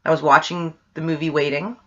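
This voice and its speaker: A woman's voice: deep voice, fairly quick, dull audio. Laughing young woman telling a ghost story. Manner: animated, laughing, swearing freely. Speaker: vlogger. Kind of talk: casual storytelling to camera.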